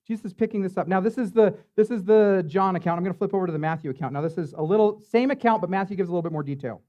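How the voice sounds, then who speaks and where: A high-voiced man with a dark tone races through a sermon as a church pastor. His delivery is loose and conversational, packed with fillers and tag questions.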